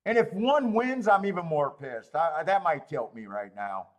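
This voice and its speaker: A man's voice: fairly high pitch, lively intonation, normal speed. A man hosting a live horse racing handicapping stream, talking to himself and swearing in frustration over his bets.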